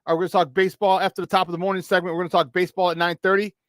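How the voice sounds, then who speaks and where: A man's voice: sits high, level tone, racing, a bit bright, no room sound. A young man hosting a casual morning sports talk show, rambling loosely and slipping into Spanish phrases.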